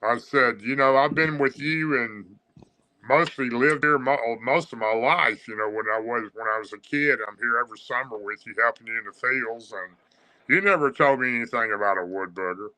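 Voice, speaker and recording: A man tells a personal story as a guest, in a casual, rambling way full of pauses and restarts. His voice is very bright and sharp. His pitch sits in an average range. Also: rough recording. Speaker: guest recounting encounters.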